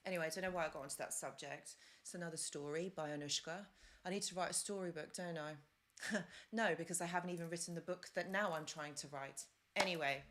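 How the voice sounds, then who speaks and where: Chatty woman with a lowish voice. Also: fairly even intonation, fast, fairly bright tone. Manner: chatty, rambling, with fillers and side stories. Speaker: host. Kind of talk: casual live-stream advice talk.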